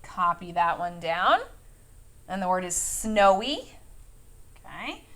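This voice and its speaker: A woman's voice: on the low side, animated, slow pace, fairly bright tone. Patient woman teaching a phonics lesson. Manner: clear, patient classroom instructions with lots of okays.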